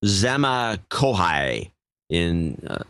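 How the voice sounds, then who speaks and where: A man's voice: low-pitched, big pitch swings, very slow, fairly bright tone, clean tone, no echo. A male podcast co-host in casual chat, reading out donor names in an offhand way and stumbling over some of them.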